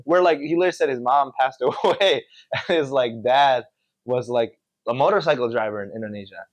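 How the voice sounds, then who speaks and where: A man from Connecticut, a podcast guest, telling stories in an animated, filler-heavy casual chat. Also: medium pitch, fairly quick. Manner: animated storyteller, many fillers.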